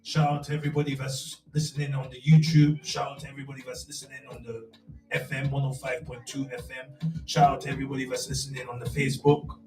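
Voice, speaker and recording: A man with a Nigerian accent hosting a casual radio chat show, animated, often checking in with "you get me". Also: mid-range voice, fast, echoey room, far from the mic, soft background music, rough recording.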